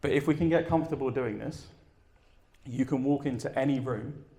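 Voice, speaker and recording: Man, gravelly voice, lively conference talk, audience questions. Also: mid-range voice, moderate pace, slight background noise. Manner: energetic, storytelling, asks the audience questions. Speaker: conference speaker. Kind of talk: live talk and Q and A. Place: event room with an audience.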